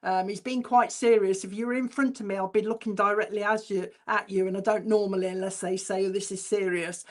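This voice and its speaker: A woman with a medium-pitched voice and fairly even intonation serves as a spiritualist medium at a church service. She delivers clairvoyant messages in a chatty, informal manner. Each one gets repeated slowly as she passes it along.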